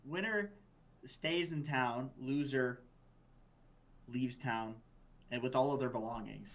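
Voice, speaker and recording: A man player at a tabletop game, talking slowly and deliberately as he sets terms with the others. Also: mid-range voice. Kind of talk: casual chat at a tabletop game.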